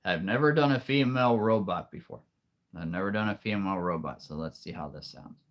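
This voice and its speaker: A man in his late thirties chatting casually with viewers on a live stream, easygoing and quick to laugh. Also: low-pitched. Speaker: streamer and voice performer.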